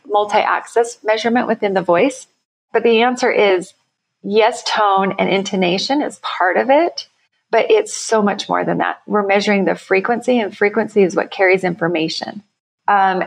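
A woman with a mid-range voice and a gravelly, fry-tinged edge talks through her work as a company founder in a conversational interview. She explains eagerly and leans on quick everyday examples. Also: medium pitch, rough recording.

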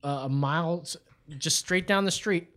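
Higher-voiced man hosting a podcast. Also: normal speed, pushed and bright. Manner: retells events by quoting others, chatty and blunt. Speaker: podcast host. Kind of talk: casual chat.

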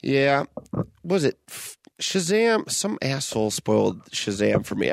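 A man's voice: mid-range voice, big pitch swings, unhurried, creaky, no room sound, studio quality. A man co-hosting a podcast, chatting loosely and swearing while he rants in a laid-back way. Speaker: podcast co-host. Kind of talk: casual chat.

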